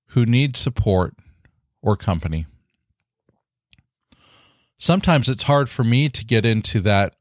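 A man's voice: on the low side, no echo, clean studio sound. A man hosting his own podcast in casual solo talk, earnest and encouraging, with many fillers like "you know.". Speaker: podcast host.

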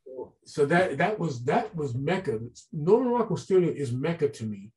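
Man guest, slightly high and warm, animated storyteller who acts out quotes. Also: moderate pace, low-quality recording. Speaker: guest artist. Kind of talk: casual storytelling.

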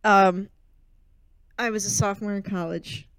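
A woman co-hosting a podcast over a remote call, quick to react with sarcastic, playful teasing. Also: mid-range voice, fairly even intonation, clean tone, dry recording. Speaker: podcast co-host. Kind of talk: casual chat. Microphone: remote call mic.

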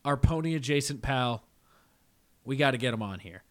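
A young man co-hosting a podcast, telling a story in animated, profane casual banter and laughing often. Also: medium pitch, normal speed. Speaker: podcast co-host.

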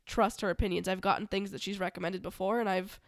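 A woman co-hosting a podcast in casual chat, rambling with lots of "um" and "like", her voice a bit husky. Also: mid-range voice, steady tone, fast talker, dry recording, studio quality. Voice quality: slightly husky. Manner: rambling, many fillers, takes notes while talking. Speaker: podcast co-host.

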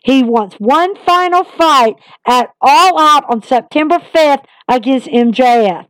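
A fairly high-voiced woman recaps wrestling shows in a casual, emphatic way, repeating phrases as an exasperated fan would. Her voice sits close and dry, with no room sound. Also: animated, slow, no echo. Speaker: wrestling podcast host.

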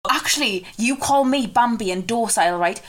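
A woman's voice: on the high side, animated, normal speed. A young woman, co-hosting a podcast with teasing, laughing banter. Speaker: podcast co-host. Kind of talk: casual chat.

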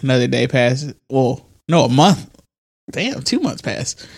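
A man in his thirties co-hosting a casual, explicit podcast, telling stories with lively energy, reading texts aloud and laughing often. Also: mid-range voice, unhurried, breathy edge. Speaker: podcast co-host.

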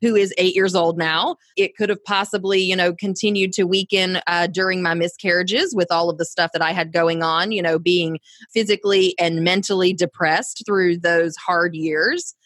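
A woman in her thirties speaks as a guest health coach in a frank, down-to-earth way, leaning on casual fillers. Her voice sits a little lower than most women's. The recording is dry and close. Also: fairly even intonation, moderate pace, a bit bright, no echo. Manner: frank and down-to-earth, with many fillers like "you know". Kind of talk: casual conversational interview.

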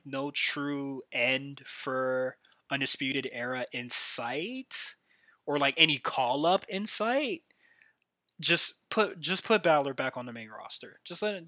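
Bright, dry-voiced man chatting wrestling. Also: medium pitch, dry recording. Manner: rambling, filler-heavy, enthusiastic fan talk. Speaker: podcast host. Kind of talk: casual solo wrestling recap.

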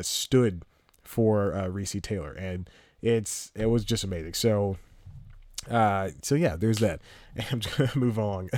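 Guy rambling on his podcast, kinda low voice, laughs a lot, dry close mic. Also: darkish tone, no echo. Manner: rambling, laughs often, loses his train of thought. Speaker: podcast host. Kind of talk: casual solo podcast talk.

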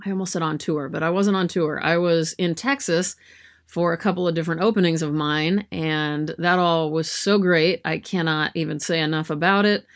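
Chatty rambling woman, slightly low voice. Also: fairly even intonation, moderate pace. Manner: rambling, self-deprecating, chatty with frequent fillers. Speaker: vlogger. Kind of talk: casual chat to camera. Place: her yarn room at home.

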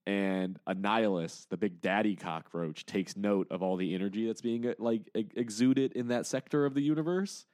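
Animated, low-voiced man recapping a comic. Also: normal speed, hardly any pauses, no room sound, studio quality. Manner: animated storyteller who acts out characters. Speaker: podcast co-host. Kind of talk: casual comic book recap chat.

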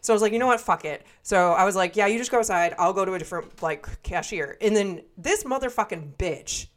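Animated and fairly quick, this woman in her twenties co-hosts a podcast and narrates a story in a mid-range voice. She's blunt, swears a lot, and performs the dialogue of each person involved.

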